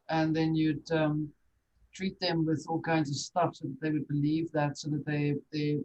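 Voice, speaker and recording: A podcast host in an interview, musing and speculating, thinking out loud. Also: mid-range voice, low-quality recording.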